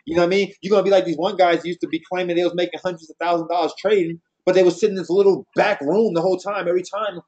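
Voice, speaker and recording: A man's voice: sits high, fairly even intonation, racing, few pauses, a little mellow. A man giving a blunt, passionate team talk in a loose, slangy way, like a trainer speaking to his team. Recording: dull lo-fi sound.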